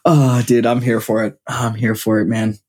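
Male podcast co-host, husky voice, relaxed and laughing. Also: medium pitch, moderate pace. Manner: laid-back, laughing banter. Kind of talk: casual sports chat.

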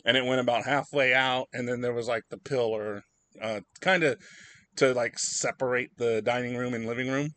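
A man's voice: medium pitch, steady tone, moderate pace, fairly bright tone. A young man hosting a casual podcast, telling rambling, profane stories. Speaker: podcast host.

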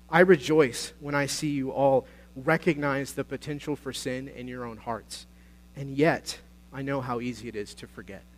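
A man preaching a sermon as pastor, earnest and exhorting, moving between quiet passages and louder, urgent appeals. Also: mid-range voice. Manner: earnest, exhorting, swings between soft and loud.

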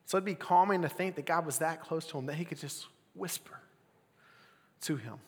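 A young adult man preaching a casual sermon as pastor, swinging between loud bursts and near-whispers. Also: on the high side, normal speed, in a large hall.

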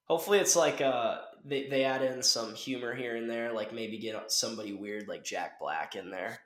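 A man's voice: medium pitch, moderate pace. A young man hosting a podcast in casual chat, rambling and laid-back, saying "like" and "dude" constantly. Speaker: podcast host. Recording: roomy echo.

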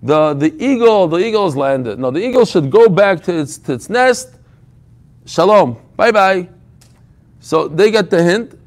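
A man's voice: sits high, animated, measured pace. A man teaching an informal Talmud class, telling the story with humor and frequent restarts.

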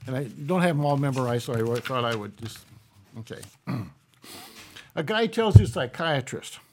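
A man's voice: medium pitch, lively intonation, normal speed. A man co-hosting a podcast, telling jokes in a folksy, easygoing way and chuckling between them. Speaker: podcast co-host. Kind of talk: casual joke telling.

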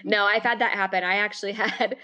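A woman's voice: medium pitch, fairly even intonation, brisk, bright, forceful tone, muffled recording. A woman co-hosting a podcast, chatting casually, laughing often and retelling stories with animation. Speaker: podcast co-host. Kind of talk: casual chat.

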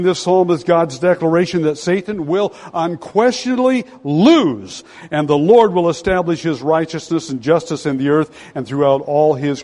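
A man preaching a sermon in a slightly high voice, pressing on key words and pulling the congregation in with rhetorical questions. His voice rings out with a long hall reverb around it. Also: darkish tone. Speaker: pastor.

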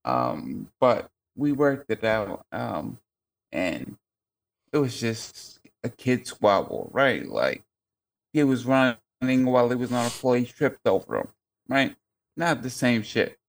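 A man co-hosting a casual podcast who tells stories about his kids in a deadpan way. His humor is dry and understated. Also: mid-range voice, slow, creaky. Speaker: podcast co-host, father.

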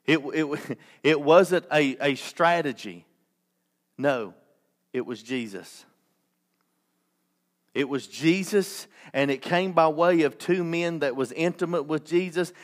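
A man's voice: a little high, takes it slowly, pauses often. Impassioned male pastor preaching. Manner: impassioned preaching with restarts and asides. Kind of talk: sermon.

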